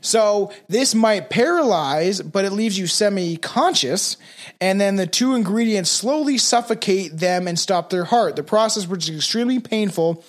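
A Canadian man hosting a dark comedy podcast, chatting casually with swearing and jokes, sometimes reading from notes. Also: high-pitched, animated, normal speed. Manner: swearing, joking, rambling. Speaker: podcast host.

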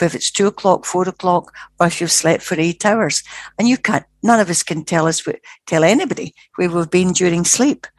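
A woman's voice: lowish voice, breathy edge, dry recording. A woman, older, earnestly retelling a spirit experience in casual talk, acting out what others said. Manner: earnest, animated retelling with acted quotes. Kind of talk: casual spoken storytelling.

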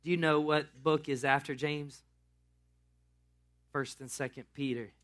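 A man's voice: a little high, fairly even intonation, unhurried, a bit bright. A man pastor preaching a sermon in a casual, storytelling way.

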